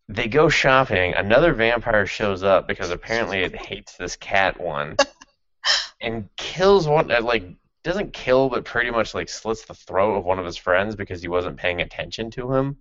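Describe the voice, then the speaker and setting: Man, deep low voice, podcast host, sardonic, profane, casual chat, dry close sound, dull lo-fi audio. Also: expressive, a little slow, pushed and bright, no echo. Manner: sardonic and profane, with frequent laughs. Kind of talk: casual chat recapping an anime.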